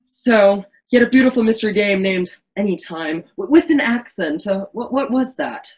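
A woman's voice: mid-range voice, moderate pace, darkish tone, poor audio. A woman reading the narration of an amateur virtual stage play in a melodramatic way, often stumbling and restarting lines.

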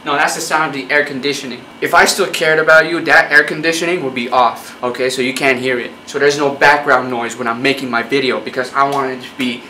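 A man's voice: mid-range voice, fairly even intonation, fairly quick, hardly any pauses, pushed and bright, reverberant, recorded from a distance, a little hiss or hum, poor audio. A man doing a profane, mock-angry comedy rant straight at his viewers. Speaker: YouTube comedian.

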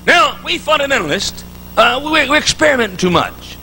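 In a large hall, a middle-aged preacher delivers a live conference sermon full of folksy stories, jokes, and restarts. His high voice is sharp, forceful, very animated, and a little fast, with a slight hiss or hum.

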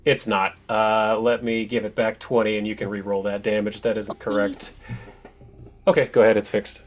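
A man running an online tabletop game as game master, explaining rules and reacting to dice rolls with quick exclamations. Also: on the low side, flat delivery, slight background noise.

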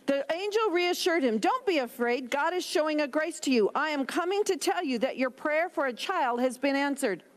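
Woman pastor, high voice, emphatic sermon delivery with scripture reading. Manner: emphatic preaching, reads scripture aloud.

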